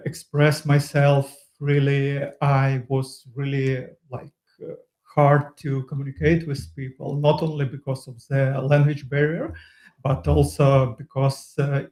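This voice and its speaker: A man with a non-native accent, a podcast guest speaking in casual chat, hesitant with many fillers and pauses. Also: medium pitch, monotone, a little mellow. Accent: Eastern European. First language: not English. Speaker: podcast guest, user group leader. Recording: echoey room.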